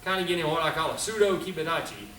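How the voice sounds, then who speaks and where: A middle-aged man teaching martial arts kicks on video, calling out commands loudly and checking in with "all right?". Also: on the high side, expressive, quick pace, slight background noise. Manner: calls out commands loudly and coaches with frequent "all right?" and "okay?". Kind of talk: teaching a kicking class on video.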